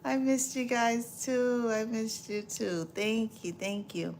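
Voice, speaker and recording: Slow gravelly-voiced woman live streamer. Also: fairly high pitch, darkish tone, slight background noise. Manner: laughs often, repeats phrases, chatty. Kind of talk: casual live chat, reading viewer comments aloud.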